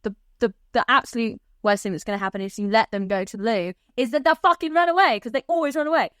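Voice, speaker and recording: A young woman hosting a casual film podcast. She talks in an animated, sweary way and acts out scenes as she goes. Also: a little high, quick pace, no room sound, clean studio sound. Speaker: podcast host.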